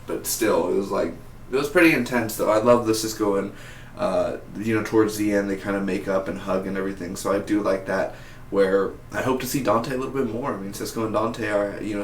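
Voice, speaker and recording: A man casually reviewing a TV episode, rambling with lots of fillers and acting out scenes in quick impressions. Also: lowish voice, slight background noise. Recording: roomy, distant-sounding home recording with faint background ambience.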